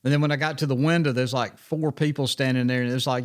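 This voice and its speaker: A man co-hosting a casual podcast, chatty and quick to tell his own stories. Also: mid-range voice, steady tone. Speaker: podcast co-host.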